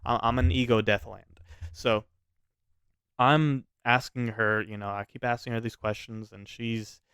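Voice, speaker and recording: A man telling a personal story in a casual, animated way, swearing freely and often restarting his sentences. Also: mid-range voice, unhurried, clean tone, dry recording, clean studio sound.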